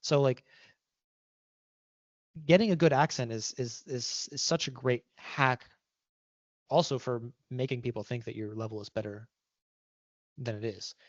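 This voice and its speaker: A man's voice: mid-range voice, steady tone, a little slow, pauses often, no room sound, highs cut off. A man giving an interview, talking casually with restarts and "right?" tags. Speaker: guest.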